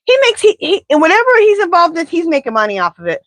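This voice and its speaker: A woman doing a live pendulum reading, talking in an animated, indignant, chatty way. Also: very high-pitched, fast, no room sound. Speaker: tarot reader.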